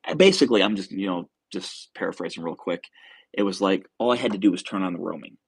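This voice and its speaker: A young man hosts a casual livestream, speaking fast in a low, creaky voice with a breathy edge and no echo. He rambles through a story full of fillers and restarts, stopping to read viewer comments aloud.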